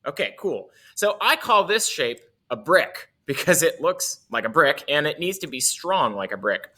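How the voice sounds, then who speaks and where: A man's voice: fairly high pitch, very animated, normal speed, sharp tone. A man teaching a casual music lesson, playful and chuckling often as he explains.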